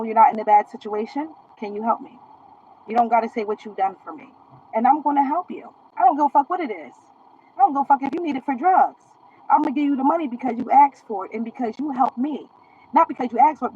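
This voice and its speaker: A woman's voice: high voice, slightly rough, narrow, tinny audio. A woman streaming live from her phone, ranting in a defiant, boastful, profane way. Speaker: social media live streamer. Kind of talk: casual live-stream rant.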